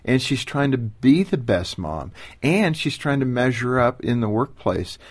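A man hosting an interview, setting up a long question in a measured way. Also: medium pitch, sing-song. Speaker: host. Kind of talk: interview conversation.

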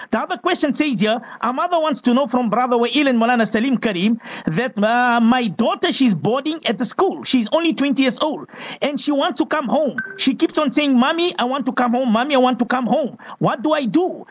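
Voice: mid-range voice, breathy edge, highs cut off. A radio talk show host who reads listener messages aloud with feeling.

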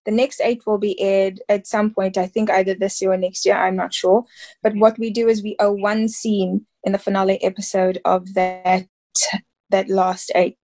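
A woman's voice: medium pitch, little pitch movement, normal speed, a little mellow. A woman in her thirties from South Africa, an actress talking casually in an interview, rambling and full of fillers. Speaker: actress guest.

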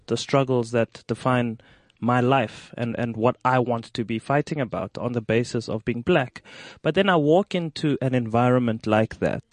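A man of middling pitch pressing questions in a panel discussion. He talks haltingly and keeps restarting, recorded close and dry. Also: darkish tone, dry recording. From South Africa.

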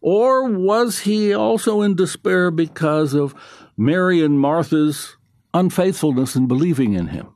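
Man, South African accent, radio Bible teacher, animated, dry close sound. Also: on the high side, unhurried, no echo. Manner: conversational, rhetorical questions, emphatic repetition.

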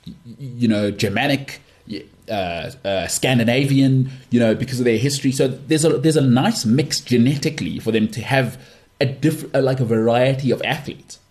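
A man's voice: mid-range voice, moderate pace, a little mellow. A man hosting a podcast, talking about sport on his own in an emphatic, dismissive way and repeating phrases for effect. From South Africa. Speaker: podcast host. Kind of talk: opinionated solo sports talk.

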